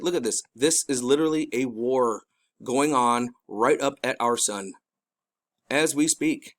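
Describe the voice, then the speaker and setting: Urgent, pleading middle-aged man. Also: medium pitch. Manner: rambling with restarts. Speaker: video host. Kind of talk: casual narrated commentary.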